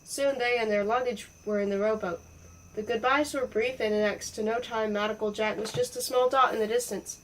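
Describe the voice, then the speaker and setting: A woman reading a children's storybook aloud in a playful, expressive way. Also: on the high side, fairly quick, far from the mic, slight background noise, rough recording. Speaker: audiobook reader. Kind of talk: storybook narration.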